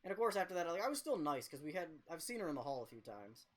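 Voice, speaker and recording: A man's voice: on the high side, big pitch swings, quick pace. A young man streaming a game, telling a rambling, profane, self-mocking story in casual chat.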